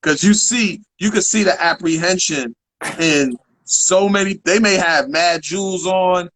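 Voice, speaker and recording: A man hosting a casual interview, agreeing often and asking about the guest's career in relaxed slang. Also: high-pitched, measured pace, rough recording. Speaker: interview host.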